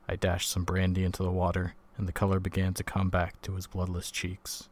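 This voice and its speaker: Male audiobook reader: very low, flat delivery, measured and even. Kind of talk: scripted narration.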